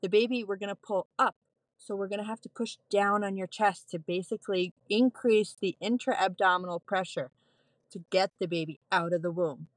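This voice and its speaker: A woman in her thirties, a postpartum nurse, telling a candid personal story as a podcast guest, animated and laughing often. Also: mid-range voice, normal speed, no echo.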